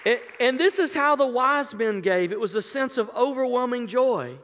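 A man's voice: very high voice, lively intonation, moderate pace, a bit bright, in a large hall, a faint crowd. A male pastor telling an earnest, emotional story in a sermon, with many restarts.

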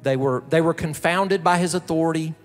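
A male pastor from the American South delivering a slow, emphatic sermon, building up repeated phrases. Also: fairly high pitch. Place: large church sanctuary. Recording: reverberant hall with soft music behind.

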